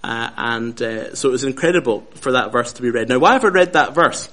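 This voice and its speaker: A man preaching a Bible study, measured and lively, who often repeats his key phrases for emphasis. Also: medium pitch. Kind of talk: sermon.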